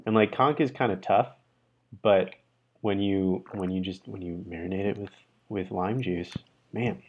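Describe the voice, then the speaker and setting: A man's voice: deep voice, measured pace, highs cut off, slight background noise. A man co-hosting a podcast, chatting casually with an easygoing manner and plenty of fillers. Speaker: podcast co-host. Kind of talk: casual chat.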